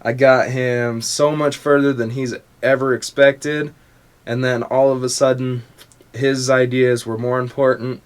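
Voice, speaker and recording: A man's voice: medium pitch, level tone, a little slow, clear, resonant tone. Profane, ranting male podcast host. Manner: profane, confrontational, mocking. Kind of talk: casual motivational rant.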